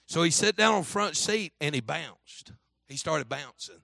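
Bright-voiced animated man preaching. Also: a little high, a little slow, creaky, long pauses, dry recording. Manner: animated storyteller, acts out voices, asks "amen?". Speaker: Baptist pastor. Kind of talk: storytelling sermon.

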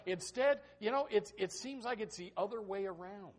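A man preaching a sermon to students, reading scripture softly and then exhorting loudly, often repeating words as he starts a sentence. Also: high-pitched, moderate pace, few pauses. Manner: animated, swings between hushed scripture reading and loud exhortation.

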